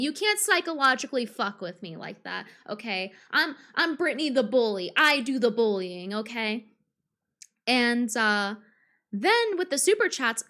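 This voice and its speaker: A woman's voice: on the high side, fairly bright tone. A woman streamer ranting on a live stream in a combative, profane way, full of fillers and restarts. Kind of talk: live-stream reaction rant.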